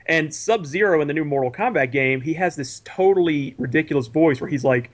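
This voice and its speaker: A man's voice: on the high side, a little fast. Rambling man calling in to chat. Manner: rambling, animated storytelling with many restarts. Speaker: guest, cartoon creator. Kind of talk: casual podcast chat. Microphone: video call.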